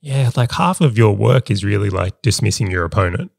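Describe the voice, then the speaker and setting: A man's voice: lowish voice, expressive, brisk, gravelly, dry recording, studio quality. A man co-hosting a business podcast, explaining ideas step by step in an analytical way. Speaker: podcast co-host. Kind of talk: casual business podcast chat.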